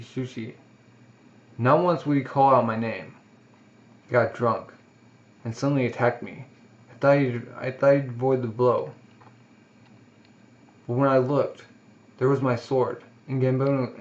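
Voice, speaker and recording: A man's voice: medium pitch, steady tone, a little slow, long pauses, a little mellow, lo-fi sound, close to an everyday voice. Man reading as a brooding young swordsman. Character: young male mercenary swordsman, haunted and brooding. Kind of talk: casual read-aloud of a comic.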